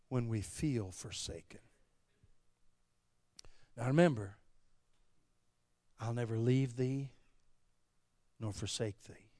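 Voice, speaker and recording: A man preaching a sermon, moving from slow, soft passages to loud, shouted appeals. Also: mid-range voice, no echo. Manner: wide swings from quiet to shouting. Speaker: pastor.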